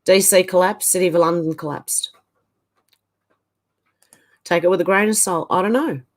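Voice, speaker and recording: A woman's voice: fairly low pitch, normal speed. A woman hosting a casual livestream, reading out viewer comments and thinking aloud with hesitant asides. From Australia.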